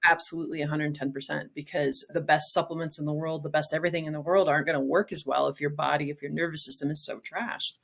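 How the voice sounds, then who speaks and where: A woman's voice: low-pitched, fairly even intonation, fast, gravelly, few pauses, a bit bright. A middle-aged woman talking candidly and bluntly as an interview guest, with emphatic, casual phrasing. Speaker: guest, nutrition practitioner.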